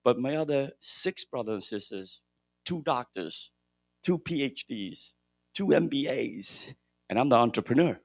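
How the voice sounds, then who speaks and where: A middle-aged man giving a motivational keynote at a conference, shifting between loud emphasis and hushed moments. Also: medium pitch, expressive, measured pace, creaky, dry recording, clean studio sound. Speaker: keynote speaker at a real estate conference. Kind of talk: motivational storytelling speech. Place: conference hall stage.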